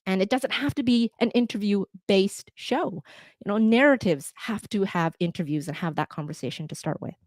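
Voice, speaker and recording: A woman's voice: mid-range voice, no room sound. Chatty North American woman, dry sound. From Canada. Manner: lively, conversational, uses fillers. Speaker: podcast editor. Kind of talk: talk to listeners.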